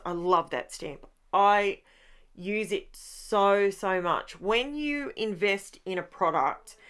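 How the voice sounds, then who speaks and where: A woman's voice: mid-range voice, clear, resonant tone. A woman, talking casually and sleepily over a craft process video, rambling and correcting herself as she goes. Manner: chatty and rambling, corrects herself mid-sentence. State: sleepy, yawning. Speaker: craft channel host.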